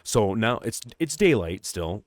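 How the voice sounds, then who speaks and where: A man's voice: lowish voice, sing-song, measured pace, dry recording. A man co-hosting a podcast, retelling a film in a rambling, casual way with lots of swearing. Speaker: podcast co-host.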